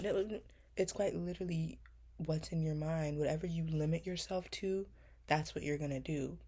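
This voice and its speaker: A young vlogger in her twenties answers interview questions in casual, reflective talk, earnest and emotional, with long pauses and many fillers; she sounds close to tears. Her deep voice is warm with fairly even intonation, and there's a little hiss or hum.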